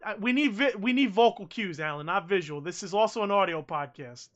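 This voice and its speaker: A man co-hosting a casual podcast, rambling and excitable, swearing freely and saying bro a lot. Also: high-pitched, a little fast, dull audio. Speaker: podcast co-host. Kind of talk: casual chat.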